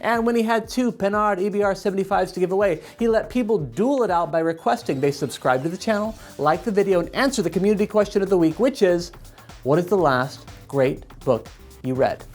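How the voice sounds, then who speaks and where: A man's voice: sits high, fast talker, few pauses, soft background music. A man in his thirties hosting a show, reading segments in a playful mock-fairy-tale style. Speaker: host.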